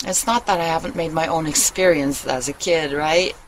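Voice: mid-range voice, moderate pace, slight background noise, poor audio. A vlogger talking in a loose, rambling monologue, blunt and full of swearing, often trailing off and starting over. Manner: blunt and profane, trails off and restarts. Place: at home, living in Germany.

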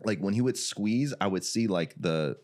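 Speaking at a moderate pace with a fairly low pitch, an Iraqi jiu-jitsu gym owner recounts a story on a podcast. He's loose and lively, laughing a lot, swearing, and leaning heavily on "like."

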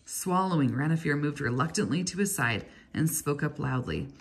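Lady reading a novel aloud, low, a bit husky, steady pace. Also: normal speed. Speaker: reader.

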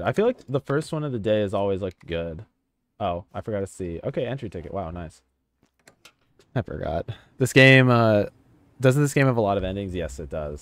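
Low-voiced, lively gamer guy. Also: no echo. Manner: excitable, chatty, casual swearing. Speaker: gaming channel host. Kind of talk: casual let's-play commentary.

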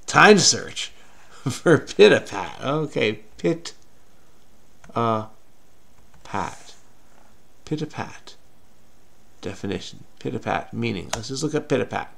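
A man's voice: medium pitch, lively intonation, takes it slowly, vocal fry, pauses often, a bit bright. A man hosting a crossword-solving video, talking frenetically and muttering to himself as he searches. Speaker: crossword solver. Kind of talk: casual puzzle-solving commentary.

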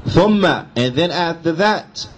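A man's voice: on the high side, lively intonation, normal speed, a little hiss or hum, low-quality recording. A man giving a religious lesson, switching between recited Arabic and emphatic, repetitive explanation. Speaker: Islamic teacher. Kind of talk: lecture explaining a hadith.

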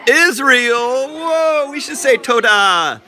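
A man in his thirties chats to his daughter and viewers on a livestream from home, talking into a phone camera. His voice is bright and lively, swooping up into high exclamations, and he draws out his words at an unhurried pace. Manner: sing-song, exclamatory, often leaps high in pitch. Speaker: vlogger dad hosting a livestream. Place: family home, indoors.

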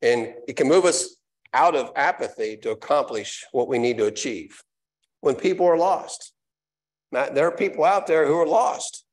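This live church sermon comes from a man with a medium-pitched, animated voice at normal speed. In the sanctuary, he reads scripture aloud and then restates it, repeating it emphatically.

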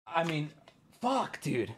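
A man in his thirties streaming live, talking casually and swearing, breaking into loud outbursts. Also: on the high side, sing-song, slow pace, background noise. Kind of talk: live stream pack opening.

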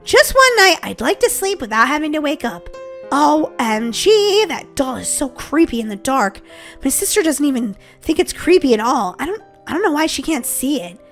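A woman voicing Molly, a young girl who is excitable, jumpy and easily spooked, in a roleplay story. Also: high-pitched, moderate pace, faint music behind, heavily acted. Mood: grumbling. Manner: excitable, shrieks when scared.

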